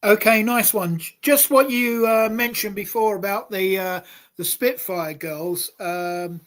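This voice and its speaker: Man, fairly high voice, hesitant, full of ums. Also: measured pace, fairly bright tone. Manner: hesitant, many ums and restarts. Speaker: host. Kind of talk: casual live-stream chat.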